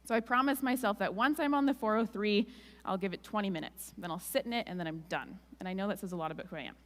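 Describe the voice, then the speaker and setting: A woman's voice: medium pitch, quick pace. A woman giving a sermon as a guest speaker, telling a personal story in a candid, emotional, conversational way with a Canadian accent. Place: church hall. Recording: long hall reverb.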